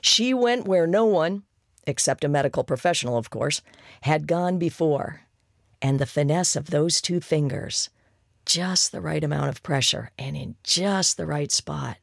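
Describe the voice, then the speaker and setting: Reader doing a shy guy who cant stop oversharing, gravelly, dry close mic. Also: a little high, a little slow, dry recording. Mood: gushing. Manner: hesitant then gushing, conspiratorial. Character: shy young man turned chatty boaster. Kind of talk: audiobook character voice.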